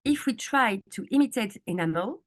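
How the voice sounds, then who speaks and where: A woman's voice: on the high side, expressive, normal speed. A woman dentist giving a conference lecture to colleagues, speaking carefully in a language that is not her first and asking the audience questions. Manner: speaks a second language with slight slips.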